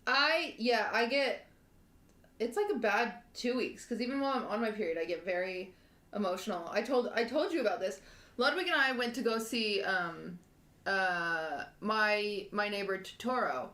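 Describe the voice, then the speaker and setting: Young woman podcast co-host, mid-pitched voice, casual chat with rambling, emotional storytelling. She laughs easily and gets carried away by her own story. The sound bounces around a roomy, echoey space. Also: normal speed, bright, forceful tone. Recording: echoey room.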